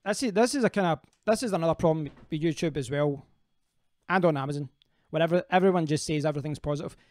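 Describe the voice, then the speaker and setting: A man's voice: a little high, fast talker, darkish tone, no echo, clean studio sound. A man hosting a casual live stream, rambling as he answers viewers' comments and often restarting his sentences.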